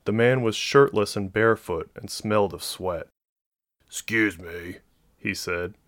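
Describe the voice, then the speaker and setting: A man narrating a novel as an audiobook in a steady, even storytelling voice. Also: on the low side, dry recording.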